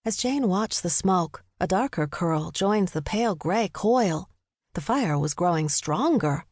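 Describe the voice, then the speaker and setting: A woman's voice: fairly low pitch, expressive, measured pace, darkish tone, dry recording. Woman narrating a cozy mystery. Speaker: audiobook narrator. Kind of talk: scripted narration. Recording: dry studio close mic.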